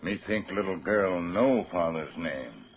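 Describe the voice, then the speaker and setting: A slow, stoic scout sidekick. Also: male voice, expressive. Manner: broken clipped speech, slow and low. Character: stoic male Native American scout sidekick. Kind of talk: 1940s radio acting. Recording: dull old radio broadcast.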